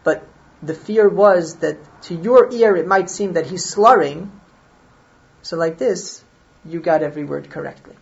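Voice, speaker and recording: A woman with a fairly low voice lectures on Jewish law, working through the logic aloud and pausing to check that her listeners follow. The recording is dull and lo-fi. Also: creaky.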